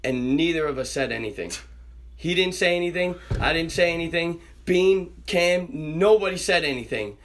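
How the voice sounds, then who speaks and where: Animated young man. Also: fairly high pitch, normal speed, slight background noise. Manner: animated, swears constantly, acts out quoted voices. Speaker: podcast guest storyteller. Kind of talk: casual storytelling chat.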